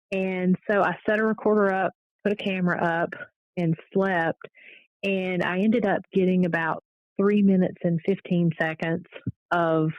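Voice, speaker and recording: A woman paranormal investigator, a guest on the show, telling her stories in a casual, animated way. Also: lowish voice, dry recording. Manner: animated storytelling, fillers and restarts. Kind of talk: casual interview storytelling. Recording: dull lo-fi audio.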